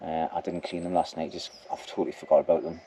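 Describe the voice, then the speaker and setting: Out at his camp, a bushcraft vlogger chats to the camera with a snotty nose, wandering from thought to thought and capping sentences with "like." He speaks fast in a low, husky, warm voice that barely shifts in pitch.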